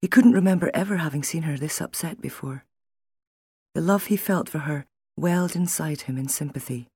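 A woman reads a novel aloud in a measured, expressive way. Her voice is husky and a little breathy, at a middle pitch. The recording is dry and close, with no room sound. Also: dry recording. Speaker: audiobook narrator. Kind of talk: audiobook reading.

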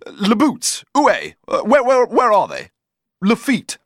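A man voicing a fussy, flustered Englishman abroad who is easily annoyed, in a high, agitated, spluttering voice. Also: huge pitch swings, a little slow, no echo, studio quality, exaggerated voice.

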